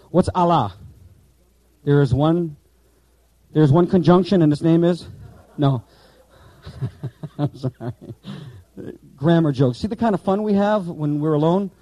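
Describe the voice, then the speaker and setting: Warm, emphatic male Bible teacher. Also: on the high side, dry recording, low-quality recording. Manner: emphatic, repeats key words, asks the class questions. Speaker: Bible teacher for pastors in training.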